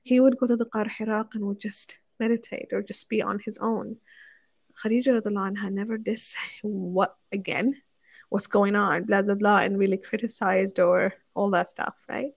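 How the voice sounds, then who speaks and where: A woman's voice: mid-range voice, steady tone, brisk, gravelly, dry recording, highs cut off. A young woman chatting casually, thinking aloud with many fillers and restarts as she gives marriage advice. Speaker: speaker sharing advice on marriage. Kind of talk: casual chat.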